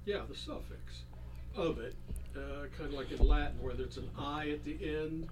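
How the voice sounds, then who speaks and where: A man's voice: on the high side, moderate pace, noisy background. A man chatting on a radio panel, wry and explanatory. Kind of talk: casual radio talk.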